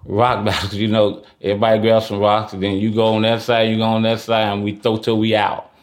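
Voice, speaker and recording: A middle-aged man from Oakland, California, chatting casually as a podcast guest, boastful and quick to laugh. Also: on the low side, monotone. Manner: boastful, laughing, colloquial street talk. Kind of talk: casual chat.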